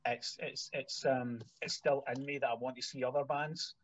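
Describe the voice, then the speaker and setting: A man's voice: medium pitch, fairly even intonation, moderate pace, highs cut off, a crowd in the background. A Scottish man, a band manager, telling rambling stories in a casual podcast chat, full of fillers and restarts. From Scotland. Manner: rambling storyteller with many fillers.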